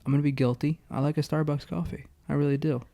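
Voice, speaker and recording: A man's voice: fairly high pitch, little pitch movement, fast talker, creaky, mellow. A young adult man chatting casually on a podcast, laid-back and hesitant, filling his talk with "like". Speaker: podcast co-host, pro player.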